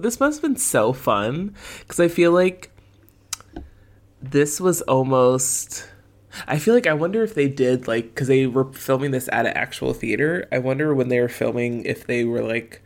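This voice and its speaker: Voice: medium pitch, moderate pace. A podcast co-host talking in a rambling, casual way with many fillers. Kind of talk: casual chat.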